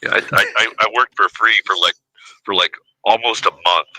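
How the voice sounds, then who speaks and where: A man in his fifties speaking as an interview guest, drifting through his story with constant fillers. His voice is low and pushed hard, with a tense edge. The sound is close and dry, with no room around it. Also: fairly even intonation, moderate pace, sharp tone, dry recording, rough recording. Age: 50s. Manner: rambling, heavy with "you know" and "uh". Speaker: podcast guest.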